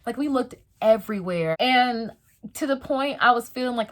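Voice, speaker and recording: A young adult woman telling a story in a casual storytime vlog, slangy and animated, acting out the voices of the people in it. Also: fairly high pitch, brisk. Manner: animated, slangy, dramatic retelling. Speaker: vlogger.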